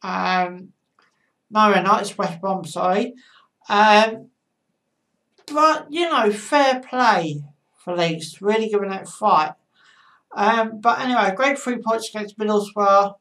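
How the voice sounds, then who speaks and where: A woman casually giving football match predictions, with a halting delivery and frequent pauses. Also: mid-range voice, fairly bright tone. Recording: voice a bit far from the mic.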